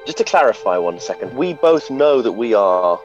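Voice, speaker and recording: A man plays a tabletop game, chatting and reading out his goals. His voice is lowish, the sound a little dull, with music clearly behind. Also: big pitch swings, normal speed. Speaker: player. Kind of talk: casual chat at a gaming table.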